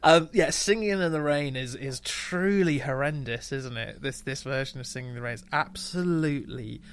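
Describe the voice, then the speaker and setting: A man's voice: mid-range voice, moderate pace, clear, resonant tone, dry recording. A man who trained at drama school, co-hosting a podcast with wry, sweary remarks. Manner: wry, sweary, knowing about musical theatre. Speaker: podcast co-host. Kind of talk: casual banter reviewing an album.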